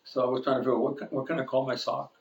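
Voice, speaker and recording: Joking pastor in an echoey church. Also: male voice, medium pitch, little pitch movement, very fast, gravelly, a little mellow. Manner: joking, chuckles at his own stories. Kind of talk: sermon with personal anecdotes. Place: church sanctuary.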